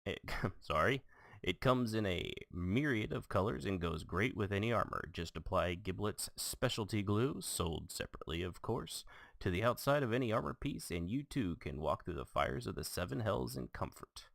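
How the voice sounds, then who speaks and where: A man playing a male announcer in a fantasy-themed spoof advertisement, pitching it deadpan. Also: normal speed, vocal fry, no room sound. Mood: mock sales pitch.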